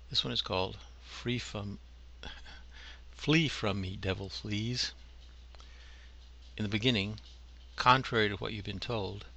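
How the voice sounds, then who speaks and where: A man reading a short story aloud in a slow, wry storytelling manner. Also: fairly low pitch, creaky, bright, forceful tone, a little hiss or hum. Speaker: story contributor.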